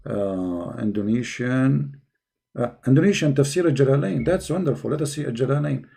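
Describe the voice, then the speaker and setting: A man hosting an online debate call, talking fast and pushing hard, breaking into Arabic recitation. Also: mid-range voice, lively intonation, vocal fry, mellow. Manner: fast, pushy, switching between English and Arabic recitation. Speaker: debate host.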